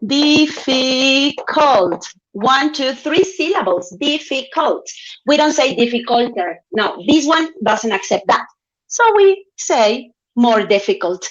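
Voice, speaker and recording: A woman teaches English in an online class, speaking at a slow, patient pace with a slightly high voice. She coaxes students to take part and draws out key words. The audio sounds dull and lo-fi, like a laptop mic on a video call. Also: very animated, slight background noise. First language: Spanish.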